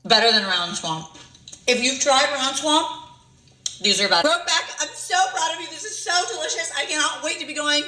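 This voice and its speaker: Bubbly woman, bright voice, taste-test vlog, echoey room. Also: sits high, lively intonation, moderate pace. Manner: gushing, bubbly, talks with mouth full. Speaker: influencer doing a food haul.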